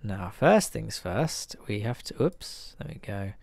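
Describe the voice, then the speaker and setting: A man giving relaxed live commentary on a game he is playing, chatting with viewers and laughing often. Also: fairly low pitch, takes it slowly, gravelly, dry recording. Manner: chatty, chuckling, talks to viewers. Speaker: streamer.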